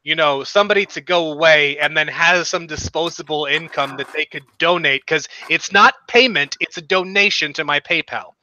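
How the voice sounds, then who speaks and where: A man's voice: on the high side, moderate pace, few pauses, bright, forceful tone, highs cut off, a little hiss or hum. A man co-hosting a casual podcast, joking and stammering through his points with plenty of swearing. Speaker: podcast co-host.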